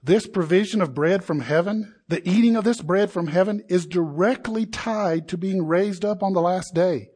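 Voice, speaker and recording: A man preaching a sermon in an animated way, acting out the crowd's voices and building to indignant peaks. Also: sits high, moderate pace, few pauses, slightly rough.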